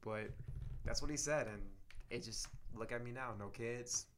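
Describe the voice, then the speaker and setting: Bright-voiced man telling laid-back stories. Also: mid-range voice, measured pace, a little hiss or hum. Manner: laid-back storyteller, laughs often. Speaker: podcast guest. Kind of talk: casual podcast chat.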